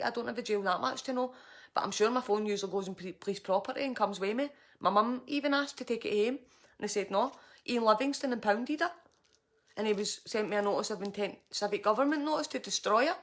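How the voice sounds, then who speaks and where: Agitated Scottish woman ranting. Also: a little high. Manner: agitated, profane storytelling. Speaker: vlogger. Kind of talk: ranting personal vlog.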